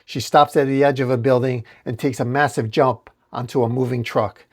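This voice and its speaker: A man who hosts a comic book channel narrates a dramatic comic recap in a steady storytelling manner, speaking with medium pitch at a moderate pace.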